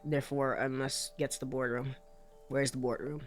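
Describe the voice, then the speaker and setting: A woman who is sick voices a stiff, literal-minded businessman who talks in flat, formal phrases. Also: very deep voice, moderate pace, faint music behind, voice pushed down.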